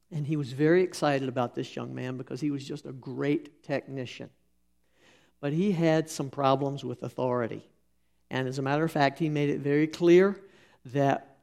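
Middle-aged male preacher, raspy gravelly tone, relaxed folksy anecdotes. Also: medium pitch. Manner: folksy storytelling, many fillers and restarts. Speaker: pastor. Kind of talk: sermon with anecdotes.

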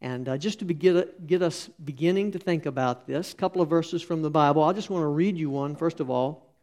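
A man's voice: on the high side, a little fast, darkish tone. A middle-aged man preaching a sermon, telling folksy stories with fillers and restarts. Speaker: pastor. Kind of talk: sermon with anecdotes.

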